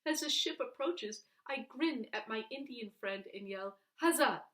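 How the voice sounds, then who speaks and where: A woman reading a children's book aloud in an expressive, animated way, with dramatic pauses. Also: fairly high pitch. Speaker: reader. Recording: voice heard from a distance.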